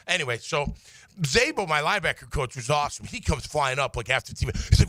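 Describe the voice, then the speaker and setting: A middle-aged man with a bright, forceful voice tells a story in a casual way. He jumps his pitch to act out the people he quotes. His sound is close and dry, with no room around it. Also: quick pace, no room sound. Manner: animated, acts out quotes with big pitch swings. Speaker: former player telling a story on sports radio.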